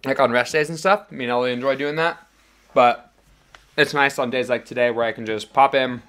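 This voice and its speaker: A man's voice: medium pitch, brisk. A man hosting his own vlog, chatting casually between bites, rambling with lots of "like". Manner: relaxed, rambling with frequent "like". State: talking while eating. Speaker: vlog host. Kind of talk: casual chat.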